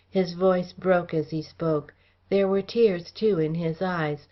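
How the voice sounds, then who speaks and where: A woman reading a classic adventure novel aloud as an audiobook, in a steady, formal storytelling manner. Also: lowish voice, unhurried, dull audio. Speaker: audiobook reader. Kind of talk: scripted narration of a classic novel.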